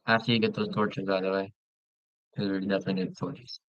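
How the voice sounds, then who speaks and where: A man chatting casually while playing a game with a friend, relaxed and talkative, often stumbling and restarting his sentences. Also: low-pitched, fast, dry recording, dull audio. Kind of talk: casual gaming chat.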